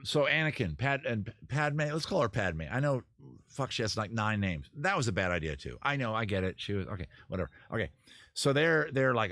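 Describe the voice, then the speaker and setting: A man hosting a casual livestream, talking in a rambling, self-interrupting way, swearing and acting out scenes in quick put-on voices. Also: medium pitch, expressive, sharp tone, no echo. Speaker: livestream host. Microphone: camera mic.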